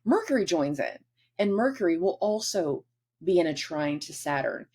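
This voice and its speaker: A woman's voice: on the low side, big pitch swings, normal speed, a little mellow, slightly rough. A woman hosting a casual astrology forecast, chatty and acting out quoted dialogue in different voices.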